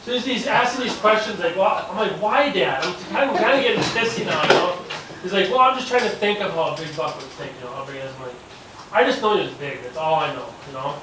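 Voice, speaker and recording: A man telling a hunting story in casual chat, animated, acting out quotes and swearing freely. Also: sits high, quick pace. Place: hunting camp gathering. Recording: echoey, distant, noisy camp recording.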